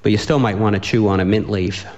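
A man's voice: on the low side, fairly even intonation, fast, lo-fi sound, noisy background, lightly acted. A man voicing a wisecracking young shepherd hero in a comic story reading. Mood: quipping.

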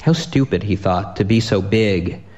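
A man reading a comic story aloud with a dry, deadpan delivery. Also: lowish voice, unhurried, muffled recording.

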